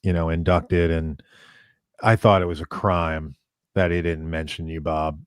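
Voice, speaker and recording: A man's voice: low voice, little pitch movement, a little slow, clean tone, no echo, studio quality. A man co-hosting an interview show, talking in an enthusiastic, rambling way with many fillers. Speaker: podcast co-host. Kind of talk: casual interview conversation.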